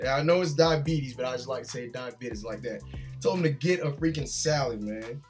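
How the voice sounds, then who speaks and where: A man's voice: mid-range voice, brisk, soft background music. A man who is an army drill sergeant, vlogging from his gaming chair at home in a loose, chatty way. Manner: loose and chatty, often tags "man" and "bro". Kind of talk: casual reaction vlog.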